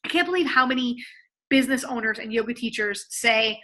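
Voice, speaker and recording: A woman in her thirties with a high, bright voice teaches her listeners how to write. She talks with energy and keeps it conversational, slipping into little voices for the readers she quotes. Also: animated, fairly quick, rough recording. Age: 30s. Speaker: copywriting coach. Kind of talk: lively teaching to camera.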